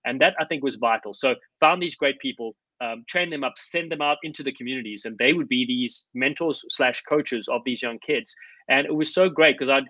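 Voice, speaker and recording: Middle-aged guy from south africa telling rugby coaching stories, quick and bright, kinda dull lo-fi audio. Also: mid-range voice, dry recording. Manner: earnest, storytelling, many fillers. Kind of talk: conversational interview answer. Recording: slightly dull lo-fi sound.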